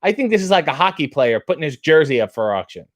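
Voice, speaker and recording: A man's voice: fairly high pitch, big pitch swings, quick pace. A man hosting a casual live chat, reading viewer questions and answering with wry, self-mocking jokes.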